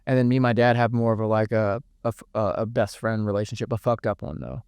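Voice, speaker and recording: A man's voice: on the low side, little pitch movement, quick pace, a little mellow, clear, resonant tone, dry recording. Earnest swearing young man, dry close sound. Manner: earnest, swearing freely, repeats words when moved. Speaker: podcast guest. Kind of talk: candid emotional interview talk.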